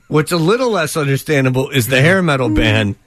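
A man's voice: mid-range voice, lively intonation, moderate pace, heavy background noise. A man hosting a sports radio show, cracking jokes and laughing through casual banter. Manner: wisecracking, laughs often. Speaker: radio host.

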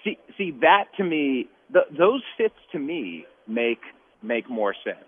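A man calling in as a guest to a sports radio show, halting and repeating phrases before he makes his point. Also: medium pitch, sing-song. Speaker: guest baseball insider. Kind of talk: sports radio phone interview. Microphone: phone. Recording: tinny phone line with faint hiss.

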